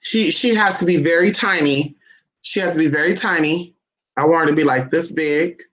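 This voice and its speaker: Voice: moderate pace, a bit bright. Brash, sassy vlogger who swears a lot. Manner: calls everyone "honey", swears freely, jumps to a high squeaky voice when teasing the dog. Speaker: vlogger talking to the camera and to a pet dog. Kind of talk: casual, profane home vlog. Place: indoors at home. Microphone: phone or camera set down nearby.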